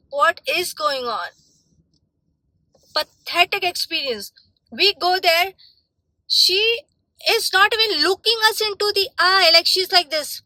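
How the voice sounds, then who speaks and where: Indignant young woman vlogger, high bright voice, dry close sound, emphatic casual rant. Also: dry recording, rough recording.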